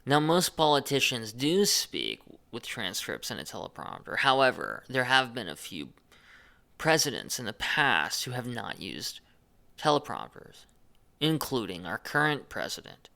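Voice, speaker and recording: A man speaks alone in a deliberate, chopped monologue, leaning hard on the words he means to stress. His pitch swings widely from phrase to phrase, and his voice has a gravelly edge. The tone is bright and forward. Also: big pitch swings. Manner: chopped, overly emphasized phrasing; unedited, speaks off the cuff. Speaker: channel host.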